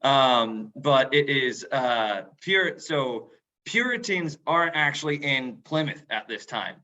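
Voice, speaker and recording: A man's voice: medium pitch, animated, slow pace, pushed and bright. A man on a video call, chatting loosely as a museum role-player and answering questions, with many fillers and restarts. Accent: northern English put on. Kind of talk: casual Q&A talk on a video call. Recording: dull lo-fi video call audio.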